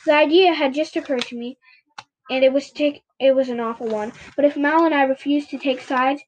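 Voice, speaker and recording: A woman's voice: high-pitched, fairly even intonation, brisk, slight background noise. A woman reading a children's book aloud, often stumbling and correcting herself. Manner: frequent stumbles and self-corrections. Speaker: reader.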